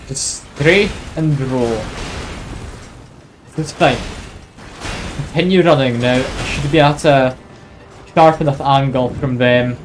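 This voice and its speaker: A man's voice: mid-range voice, slight background noise. A man with a Scottish accent chatting casually with his viewers while live-streaming a video game. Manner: chatty, easygoing, talks to chat while playing.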